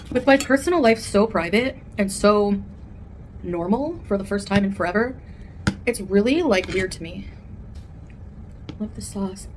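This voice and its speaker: A woman's voice: medium pitch, animated, a little slow, pauses often, a little hiss or hum. Chatty woman rambling over a meal. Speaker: food vlogger. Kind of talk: casual mukbang chat.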